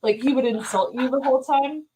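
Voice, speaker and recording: A woman's voice: high voice, a little fast, warm tone, a little hiss or hum, poor audio. Chatty woman telling stories. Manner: storytelling, amused, chatty. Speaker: co-host. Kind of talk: casual chat.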